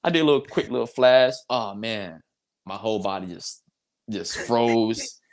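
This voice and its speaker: Young man, from North Carolina, casual storytelling, lowish pitch, lively. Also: unhurried, noisy background. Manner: animated, laughing storyteller acting out quotes. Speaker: basketball player guest.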